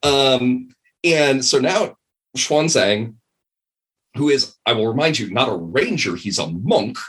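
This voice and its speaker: Animated, husky-voiced man telling a story. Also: medium pitch, slow pace. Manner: rambling, animated, many fillers. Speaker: podcast guest, game designer. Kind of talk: casual podcast storytelling.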